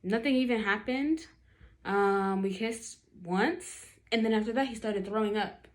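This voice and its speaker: A young woman talks casually to her camera. Her voice sits at an ordinary middle pitch, and she rambles with fillers. She slips in quick acted-out quotes as she goes. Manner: chatty, many fillers, acts out quotes. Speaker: vlogger telling a story.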